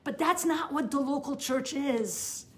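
A woman's voice: sits high, unhurried. A middle-aged woman giving a teaching session to new believers, talking in an earnest, conversational way with frequent restarts. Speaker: Bible teacher.

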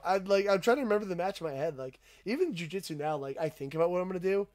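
A young man hosting a podcast, telling a profane, animated story in casual chat. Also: high voice, rapid-fire. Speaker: podcast host.

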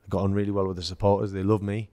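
An English man, a former footballer, telling lively anecdotes in casual chat and acting out the quoted dialogue. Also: on the low side, rapid-fire, no echo. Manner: storytelling, acts out quoted dialogue, laughs. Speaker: former footballer, podcast guest.

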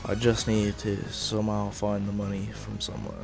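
A young man rambling casually through a let's-play of a game on a headset mic, with lots of fillers and sudden shouts of frustration. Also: fairly low pitch, completely flat delivery, normal speed, vocal fry, music in the background. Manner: rambling, filler-heavy, bursts into rage shouts. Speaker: gaming video host.

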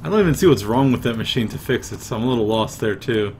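A man's voice: medium pitch, animated, quick pace, darkish tone, a little hiss or hum. A man giving profane, irritable gameplay commentary, mumbling to himself as he plays, into a desk mic. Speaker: let's play gamer.

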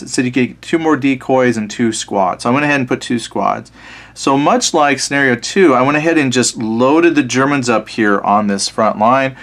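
A man hosting a casual solo board game playthrough, reading out scenario text and thinking aloud in a relaxed, self-deprecating way. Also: medium pitch. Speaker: board wargame player and channel host.

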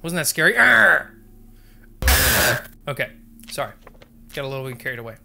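A man's voice: medium pitch, rapid-fire, sharp tone, slight background noise. A man doing joking horror game commentary, talking to viewers and muttering codes under his breath. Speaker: gaming video creator.

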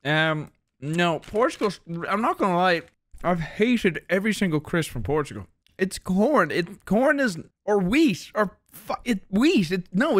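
A man's voice: high voice, dry recording. A young Irish man rambling and joking as he tastes and reviews snacks, now and then mock-defensive, over faint music. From Ireland. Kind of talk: casual snack review vlog.

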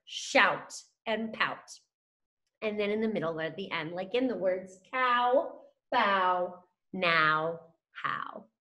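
Lively, slow-paced woman teaching phonics. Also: on the high side. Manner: warm, encouraging, slow and sing-song with drawn-out letter sounds. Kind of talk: phonics lesson to young children.

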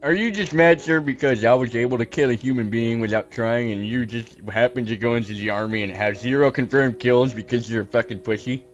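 A man's voice: mid-range voice, brisk, hardly any pauses, muffled recording, soft background music, lightly acted. A man voicing a dim-witted hillbilly ex-soldier in a game roleplay, rambling and calling everyone sir. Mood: taunting. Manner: rambling, saying "sir" constantly.

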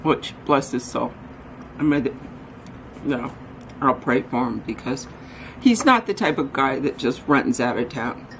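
A woman's voice: a bass voice, a little slow, slight background noise, low-quality recording. A woman vlogger chatting casually and rambling through her errands, often joking at her own expense. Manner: rambling, self-deprecating, talks while running errands. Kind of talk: casual vlog chat. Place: out running errands, then at home.

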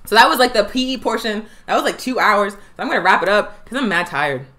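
A woman's voice: medium pitch, animated, fast, pushed and bright. A young woman hosting a live political talk show, fiery and emphatic, hammering points home by repeating phrases. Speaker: political education show host.

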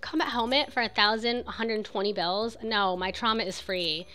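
A young woman chatting excitedly while streaming a video game, full of "like" and quick reactions. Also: mid-range voice. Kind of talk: casual game streaming chat.

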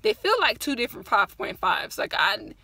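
A woman's voice: medium pitch, sing-song, normal speed, gravelly, pushed and bright, breathy edge, no echo. A woman vlogging from her parked truck, tired after a workout, chatting in a rambling, encouraging way. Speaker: fitness vlogger. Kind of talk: casual chat to camera.

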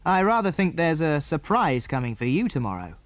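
Guy playing a serious gentle dad, kids' audiobook, slightly high voice. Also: sing-song, fairly quick, no echo. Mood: grave. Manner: grave. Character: grave, kindly father of the children.

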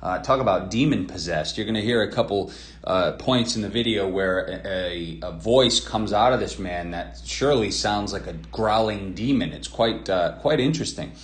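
Male commentator, low voice, mocking and rambling critique, roomy echo. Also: moderate pace. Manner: mocking, sarcastic, rambling with fillers. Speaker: video commentator.

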